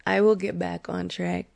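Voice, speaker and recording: A woman's voice: lowish voice, gravelly. A woman in her forties hosting a podcast, speaking in an earnest, candid confessional monologue that is frank and sometimes profane, with bursts of laughter. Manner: earnest, candid, slow and deliberate. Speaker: podcast host.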